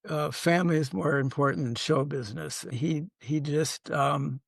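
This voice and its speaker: A man's voice: on the high side, fairly even intonation, normal speed, creaky, no room sound, studio quality. An older man, a sitcom writer and producer, telling rambling anecdotes in a casual interview, full of fillers and restarts.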